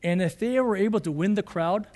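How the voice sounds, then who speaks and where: A man's voice: sits high, fairly quick, a little mellow. A man preaching a sermon as pastor, earnest and building to fervent, emphatic passages. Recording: long hall reverb.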